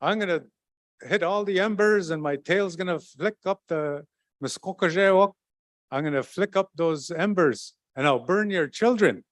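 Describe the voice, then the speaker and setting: Man doing a high pleading trickster turtle. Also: normal speed, lightly acted. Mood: scheming pleading. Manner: begging, high-pitched pleading.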